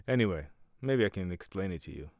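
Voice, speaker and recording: Comedian guy rambling on his podcast, swears a lot, pitch jumps all over, dry close sound. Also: animated, fast, darkish tone, dry recording. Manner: rambling, profane, self-mocking jokes. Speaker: stand-up comedian and podcast host. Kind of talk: casual podcast monologue.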